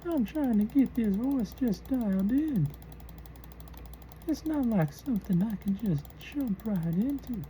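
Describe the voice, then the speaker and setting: A woman voicing a croaky elderly person with a throaty, slow, drawn-out way of talking. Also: fairly high pitch, animated, mellow, a little hiss or hum, voice pushed up, rough recording. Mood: drawling. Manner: drawn-out, slowed speech.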